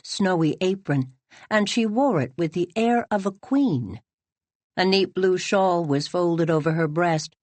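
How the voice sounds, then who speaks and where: Woman audiobook narrator, lowish voice, steady storytelling, dry close-mic sound. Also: no room sound. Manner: even, measured storytelling.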